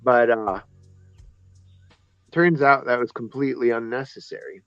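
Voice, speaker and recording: A man's voice: medium pitch, fairly even intonation, measured pace, a bit bright, clear, resonant tone, no echo, soft background music. A man casually telling a personal story on a podcast, rambling and correcting himself as he goes. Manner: rambling, self-correcting, acts out voices in his stories. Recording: dry, slightly muffled podcast audio.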